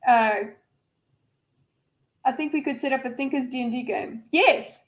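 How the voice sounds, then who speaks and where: A woman's voice: sits high, a little slow. A woman hosting a casual livestream, rambling and reading viewers' messages aloud with lots of fillers and restarts. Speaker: livestream host.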